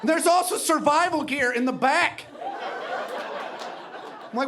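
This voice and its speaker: A man with a very high voice works through a stand-up bit, ranting in exasperation and often shouting. A live audience can be heard, with clear background noise. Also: a little slow, long pauses, crowd noise. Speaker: stand-up comedian. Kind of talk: stand-up routine.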